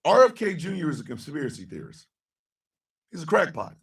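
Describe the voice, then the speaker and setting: A man hosting a radio show, ranting angrily and sarcastically about politics, swearing and often shouting. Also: a little high, sing-song, a little fast, distant mic. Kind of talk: angry political rant.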